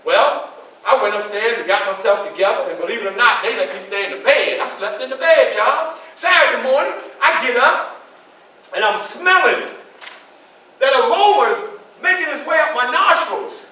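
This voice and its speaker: Actor as Frederick Douglass telling his story live to an audience; bright, sharp delivery in a roomy hall. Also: extremely high pitch, lively intonation, moderate pace, full character voice. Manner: dramatic, addresses the audience directly. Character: Frederick Douglass, man recounting his enslavement. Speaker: living-history performer. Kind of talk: one-man historical storytelling performance. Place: library event room. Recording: echoey room from far off.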